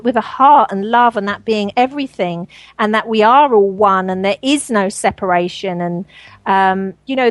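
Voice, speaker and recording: A woman's voice: a little high, no room sound, low-quality recording. A woman guest on a spiritual talk show, speaking earnestly and at length with frequent fillers and laughs. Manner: earnest, rambling, laughs often. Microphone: radio show line.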